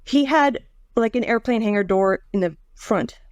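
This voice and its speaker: Middle-aged woman cohosting a book podcast, a bit high voiced, wry and chatty, dry close sound. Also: clear, resonant tone, no echo. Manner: chatty, wry, quick jokes. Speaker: podcast co-host. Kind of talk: casual book-discussion chat.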